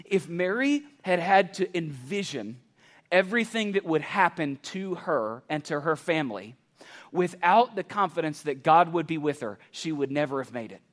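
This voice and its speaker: A man preaching a sermon as pastor, building to passionate near-shouts and then dropping low and quiet. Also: expressive, moderate pace. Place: church campus.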